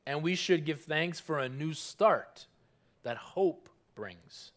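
A man preaching a sermon, earnest and emphatic, repeating key phrases and slowing down when he reads scripture. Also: on the high side, fairly bright tone. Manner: earnest, emphatic preaching with repetition and audience call-and-response; slows down on scripture, stressing single words. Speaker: pastor.

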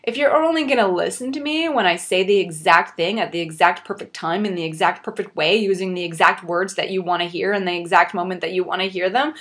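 A woman's voice: on the low side, fast talker, few pauses, fairly bright tone. A young woman hosting a motivational podcast, speaking earnestly and encouragingly and addressing the listener directly. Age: young adult. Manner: earnest, encouraging, self-reflective. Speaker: podcast host.

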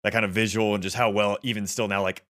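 A man with a fairly low voice talks quickly, piling one thought onto the next in an easygoing chat about movies. He sounds eager and a little rambling, with plenty of fillers between his points. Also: little pitch movement, fairly bright tone. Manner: enthusiastic, rambling with many fillers. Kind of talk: casual film discussion.

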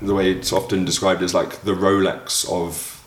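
A man in casual chat, relaxed and hedging, full of "like" and "kind of". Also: deep voice, moderate pace, echoey room, slight background noise.

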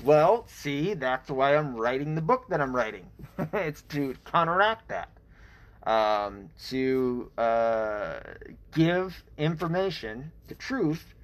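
A man hosting a casual livestream, talking bluntly and profanely, restarting often and chuckling at himself. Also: medium pitch. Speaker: livestream host. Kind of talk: casual rambling livestream talk.

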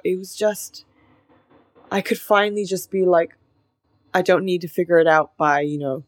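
Lower-voiced, reflective young woman host. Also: normal speed, pauses often, dry recording. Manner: reflective and earnest, heavy use of "like". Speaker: podcast co-host. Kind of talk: casual chat.

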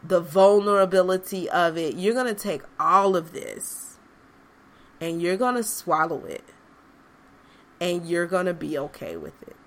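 Slow, earnest woman podcast host. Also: lowish voice. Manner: earnest, conversational, addresses listeners directly. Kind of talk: reflective motivational monologue.

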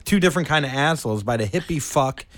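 Animated, swearing young man telling stories. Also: medium pitch, fast. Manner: profane, animated storytelling with beatboxing. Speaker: podcast co-host. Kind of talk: casual chat.

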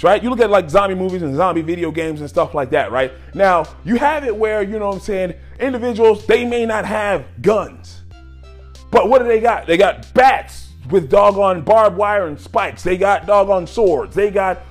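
A man preaching a sermon on gratitude in an exhorting way, moving from low talk to loud shouts.

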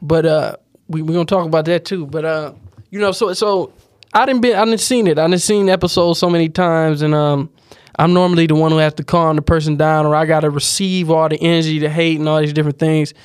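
A man hosting a casual podcast, talking calmly and reflectively and affirming his guest with soft murmurs. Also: fairly high pitch, smooth, dry recording, clean studio sound. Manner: calm, reflective, affirming listener.

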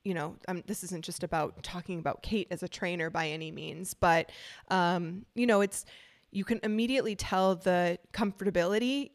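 A young woman, a dog trainer co-hosting a podcast, talking frankly and chattily with many fillers. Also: lowish voice. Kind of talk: casual podcast chat.

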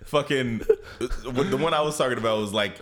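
A young man co-hosting a podcast in casual chat, swearing often, laughing a lot and acting out cartoon lines in squeaky high voices. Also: fairly quick, fairly bright tone. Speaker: podcast co-host.

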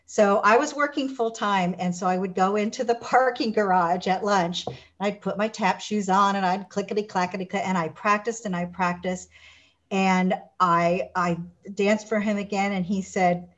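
A woman chats in a relaxed interview, animated as she tells stories and jumps into the voices of people she quotes. Her pitch sits mid-range for a woman. The audio is a bit dull and lo-fi. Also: normal speed. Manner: animated storyteller, acts out quotes. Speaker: guest. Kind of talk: casual interview chat.

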